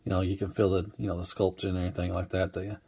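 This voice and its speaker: A man's voice: deep voice, little pitch movement, fast talker, vocal fry, dark tone, slightly rough. A young adult man giving a casual toy review, rambling and laid-back with lots of fillers.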